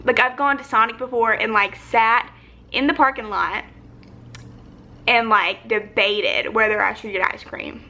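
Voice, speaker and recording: Young woman, slightly high bright voice, reflective rambling home vlog. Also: steady tone, unhurried. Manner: rambling, reflective, many filler likes. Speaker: vlogger. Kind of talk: casual personal vlog. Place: home, sitting on the floor. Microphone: phone or camera, battery low.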